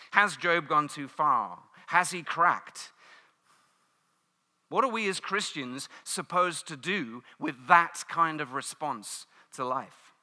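A British man preaching a sermon, telling stories with lively asides and playful mimicry. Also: on the high side, big-room sound. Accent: British English. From United Kingdom. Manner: animated storytelling, mimics cheering crowds.

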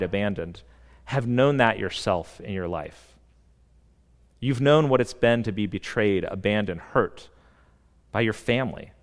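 A man with a fairly low voice delivers a sermon in a church sanctuary. He speaks earnestly and stresses key words, letting dramatic pauses hang. The sound carries a long, reverberant hall tail. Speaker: pastor.

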